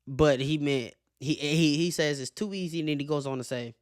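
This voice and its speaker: Animated, profane male sports host. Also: mid-range voice, quick pace, no echo, clean studio sound. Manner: animated, profane, laughs often. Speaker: show host. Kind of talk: casual sports commentary.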